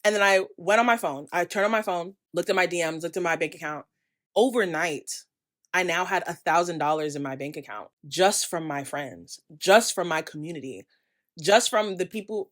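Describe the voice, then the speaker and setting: A woman's voice: lowish voice, fairly quick, fairly bright tone. A young woman from the United States giving a candid, passionate talking-head vlog, ranting with emphatic asides. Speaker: creator and vlogger.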